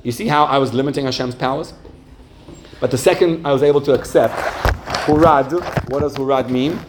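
Male yeshiva teacher, mid-pitched, lively storyteller in a casual Torah class, faint background hiss. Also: a little fast. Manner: animated, conversational, acts out the voices in his stories.

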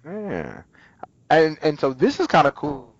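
A man chatting casually as a co-host, his pitch leaping around as he retells an episode and slips into quoted lines. The sound is dry and close, with a slightly dull, muffled tone. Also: a little slow, dry recording. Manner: animated retelling, acts out quotes. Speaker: podcast co-host. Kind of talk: casual recap chat.

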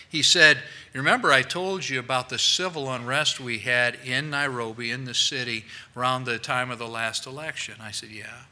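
A male pastor telling a story in a sermon, animated and acting out the voices of people he quotes, on a worn microphone in a church. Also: mid-range voice, fairly quick, few pauses, rough recording.

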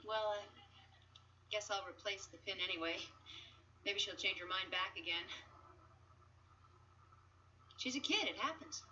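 An actress playing a caring aunt gently coaxing a child in a sitcom scene, heard as a clip replayed from a distance. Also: female voice, mid-range voice, moderate pace. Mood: resigned. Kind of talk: sitcom acting. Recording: muffled distant TV clip with faint noise.

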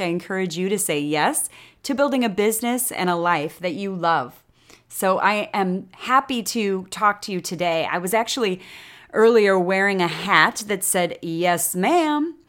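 A woman's voice: mid-range voice, a bit bright. Upbeat woman hosting a podcast. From Chicago, United States. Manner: upbeat, chatty, encouraging. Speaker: podcast host. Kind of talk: motivational podcast monologue. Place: Texas.

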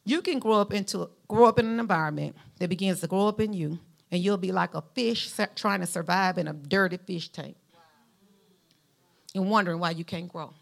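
With a creaky voice and a slightly fast delivery, a preacher from Mount Vernon, Alabama, speaks in a Southern Alabama drawl. She addresses her congregation directly, folksy and animated, her pitch lively and rising to emphatic highs.

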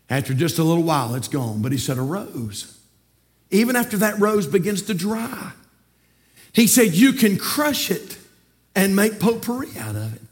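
A man's voice: big pitch swings, normal speed, long pauses. A man with a Southern US accent preaching a sermon from the pulpit, telling stories and calling the congregation not to quit. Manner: emphatic preaching that rises to shouts and drops low. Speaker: pastor. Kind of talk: sermon with storytelling. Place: church sanctuary, from the pulpit.

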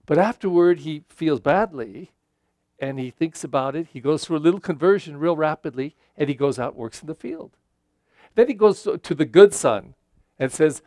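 An older man preaching a Sunday homily, with a voice that sits fairly high for a man. He talks in a loose, folksy way and leans on frequent fillers. The recording is close and dry, with almost no room sound. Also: expressive, moderate pace, darkish tone, no room sound. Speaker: pastor.

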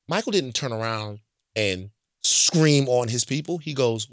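A man from Louisiana tells stories in a loose, emphatic way, swearing bluntly and circling back to his point. His voice sits at a middling pitch and sounds dry and close to the mic. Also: animated, normal speed, fairly bright tone, no echo. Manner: emphatic, repeats points, checks in with "right?"; profane and blunt. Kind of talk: casual storytelling chat.

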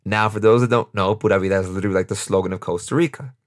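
Chatty New York man, low voice. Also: steady tone, rapid-fire. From United States, New York. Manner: rambling, off-the-cuff, chatty, laughs often. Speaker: podcast host. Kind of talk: casual solo podcast monologue.

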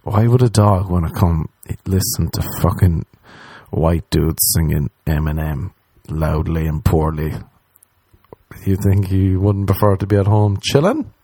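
A young man ranting casually and comically, swearing often and mocking other people with quick impressions. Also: deep voice, dark tone, breathy edge, dry recording. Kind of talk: casual comedic rant.

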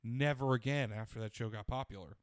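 A man's voice: mid-range voice, a little fast, no room sound, studio quality. A man chatting casually and crudely, animatedly retelling a show and quoting its characters. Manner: profane, animated retelling with quoted voices.

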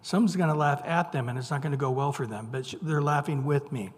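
This preacher speaks quickly in a high, bright voice, recounting the story with a relaxed, humorous touch. He acts out the voices of those he quotes, keeping the retelling playful and conversational, while long reverb suggests a big hall.

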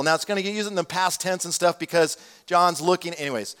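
A man preaching a sermon, his voice sitting a bit higher than most men's. He talks to his congregation in a loose, animated way, breaking off into asides and acting out the lines he quotes. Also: fast, clear, resonant tone. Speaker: pastor.

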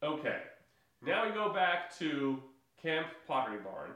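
Sitting well away from the mic in a heavily echoing room, this co-host talks through a movie on a podcast. His fairly high voice swings widely in pitch and has a sharp tone at a measured pace. He rambles, restarts, uses many fillers, and laughs often.

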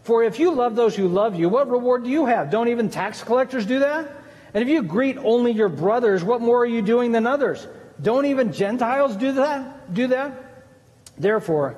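High-voiced man preaching in a reverberant hall. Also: darkish tone. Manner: earnest, conversational preaching with asides. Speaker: pastor. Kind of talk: sermon.

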